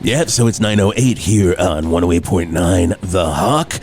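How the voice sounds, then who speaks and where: A man's voice: low-pitched, measured pace, a little mellow, soft background music. A man playing a cheesy morning rock radio host who rambles through his show patter. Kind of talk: improvised comedy.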